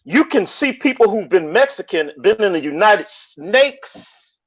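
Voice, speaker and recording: High lively-voiced guy debating casually, lots of restarts, kinda dull lo-fi audio. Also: measured pace, husky. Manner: animated, repeats and restarts phrases. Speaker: panelist in online discussion. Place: lives in Colombia.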